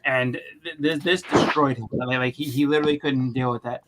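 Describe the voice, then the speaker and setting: Fast-talking middle-aged man telling stories. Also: mid-range voice, fairly even intonation, very noisy. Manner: rambling, repeats words, acts out quotes. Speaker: podcast co-host. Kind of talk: casual storytelling chat.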